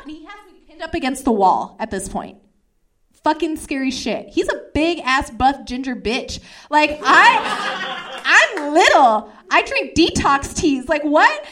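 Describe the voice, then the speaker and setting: Young woman doing stand-up, lively, acts out every voice, kinda high pitched. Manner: fast, animated, acts out every voice in her story. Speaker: stand-up comedian. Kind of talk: stand-up storytelling.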